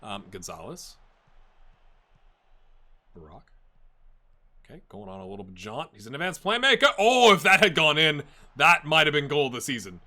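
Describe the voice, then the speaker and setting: A man with a slightly high voice talks through a football management game as a let's-play, pausing often while keeping a normal speed. Excitement creeps in, and he chats to his virtual players.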